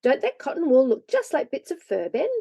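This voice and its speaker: A fretful young girl, as a woman reads her, worrying aloud in a high, hushed voice. The recording is dry and close. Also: huge pitch swings, brisk, dry recording, exaggerated voice. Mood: anxious. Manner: fretful, breathy whispers. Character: anxious, fussing older sister girl.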